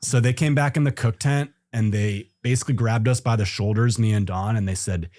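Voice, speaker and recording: Low-voiced man telling a climbing story. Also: brisk, no room sound, clean studio sound. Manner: animated storyteller acting out quotes. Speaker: guest climber. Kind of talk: casual storytelling.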